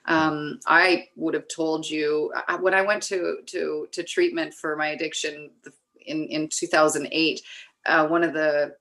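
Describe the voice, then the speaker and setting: Canadian woman guest, slightly low voice, reflective, halting, restarts often, open and candid talk. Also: little pitch movement, fairly bright tone. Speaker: guest, recovery advocate. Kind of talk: candid personal conversation.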